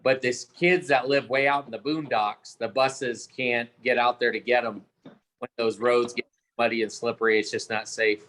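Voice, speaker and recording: A man's voice: medium pitch, fairly even intonation, normal speed, a bit bright. A man who works as a teacher, chatting easily on a video call in a self-deprecating way. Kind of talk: casual video-call chat.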